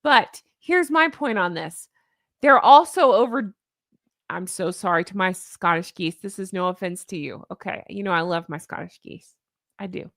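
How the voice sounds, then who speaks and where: A woman's voice: mid-range voice, normal speed, gravelly, a bit bright, dry recording, studio quality. A woman hosting a livestream, chatting casually and opinionatedly with her viewers and reading their comments aloud. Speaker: livestream host. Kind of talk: casual commentary to a live chat.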